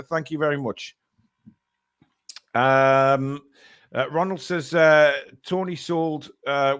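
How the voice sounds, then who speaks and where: A man's voice: medium pitch, a bit bright. A man hosting a casual live stream, reading out donations and chatting with plenty of fillers. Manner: reads out donations with filler-heavy banter. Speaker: stream host.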